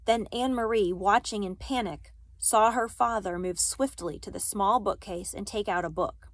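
A woman reading a novel aloud, careful and steady, with occasional small slips she corrects. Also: mid-range voice, normal speed, no echo. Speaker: reader.

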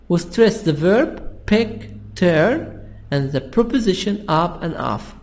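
A man teaching an English lesson in a slow, repetitive, explaining manner. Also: high-pitched, animated, darkish tone. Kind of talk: classroom language lesson.

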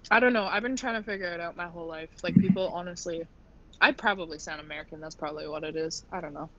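A woman's voice: lowish voice, fast. Laughing young Canadian woman, lo-fi. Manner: laughs often, says "like" a lot. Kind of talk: casual chat. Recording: dull lo-fi sound.

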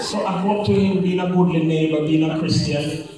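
A man's voice: fairly high pitch, steady tone, brisk, very noisy. A man with a Jamaican accent doing stand-up comedy, telling stories and acting out the voices of his friends. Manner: storytelling with acted-out voices of friends. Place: banquet hall at a live event. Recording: echoey hall from far off with laughing crowd. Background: audience laughing.

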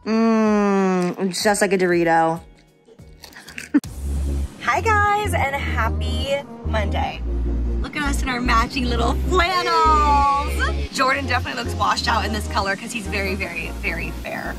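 A woman's voice: on the high side, lively intonation, a little slow, music in the background. A woman vlogging in a casual, gushing chat, full of "like" and giggles. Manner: chatty, gushing, sprinkled with "like" and giggles. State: hungover and tired.

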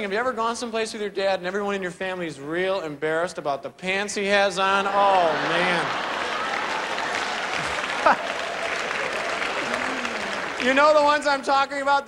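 A young man doing an animated stand-up routine on a theater stage, acting out characters with voices and sound effects. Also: sits high. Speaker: stand-up comedian. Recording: live theater recording with crowd noise. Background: audience laughter.

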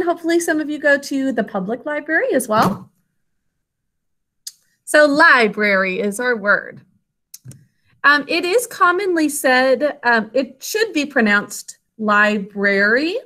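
A woman teacher giving a spelling and phonics lesson, stretching out words slowly as she sounds them out and praising her students. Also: high voice, lively intonation, pushed and bright. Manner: slow, drawn-out sounding out of words.

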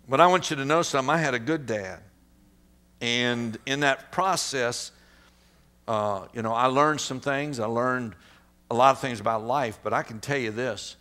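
A middle-aged man, a pastor, preaching a sermon and telling a story with animated sound effects and acted-out quotes. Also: mid-range voice, moderate pace.

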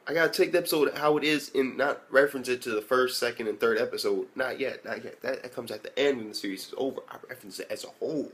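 A man's voice: medium pitch, quick pace, few pauses, a bit bright. Profane, rambling male anime reviewer. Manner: rambling, heavily profane, lots of fillers. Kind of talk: casual spoken review.

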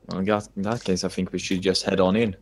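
A man's voice: deep voice, flat delivery, fast. A man playing a tabletop game, chatting casually and laughing a lot. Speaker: player. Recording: clear background noise.

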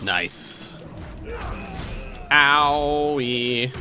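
A man's voice: mid-range voice, drawn-out words, bright, forceful tone, faint music behind. A young man hosting a let's play, giving casual, playful commentary with exclamations and self-mocking jokes.

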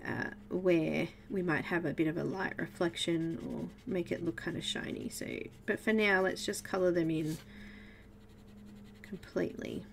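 On her live colouring stream, an Australian host talks and giggles with viewers as she works through the tutorial. Her voice sits on the low side with vocal fry, fairly even intonation, and normal speed.

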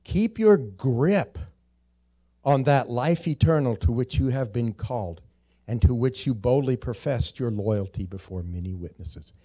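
A man preaching a church sermon, slowly drawing out key words, rising to loud emphatic peaks and dropping to quiet, low stresses. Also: lively intonation. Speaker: pastor. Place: church sanctuary.

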